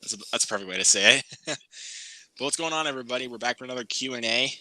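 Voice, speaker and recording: A man's voice: medium pitch, rapid-fire, sharp tone, no room sound, rough recording. A man hosting a casual live Q&A and chatting in a laid-back, talkative way with his guests. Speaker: show host.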